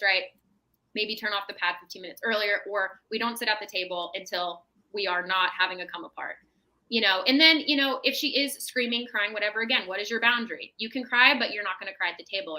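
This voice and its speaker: A woman's voice: medium pitch, sharp tone, poor audio. A woman, a mental health professional, giving parenting advice in a casual podcast chat, often checking in with "right?". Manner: explanatory, tags statements with "right?".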